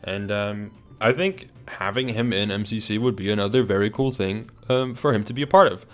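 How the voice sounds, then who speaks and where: Young man, low voice, casual ranking talk, hesitant, many fillers, faint background music. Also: a little fast. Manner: chatty, hesitant, many fillers and restarts, yawning. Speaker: video creator ranking players.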